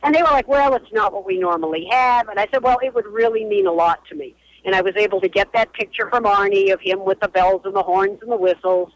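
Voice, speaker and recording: A woman's voice: medium pitch, fast, no room sound, rough recording. A woman in her sixties, a radio historian and author, telling stories emphatically as a guest calling into a radio show. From Boston area, US. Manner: animated, emphatic storyteller. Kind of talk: phone interview on a radio show.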